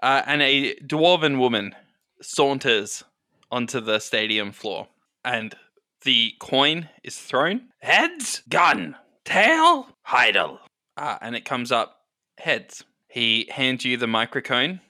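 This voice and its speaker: A man narrating a tabletop game as game master, in a measured way with frequent fillers. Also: mid-range voice, bright, forceful tone, no echo.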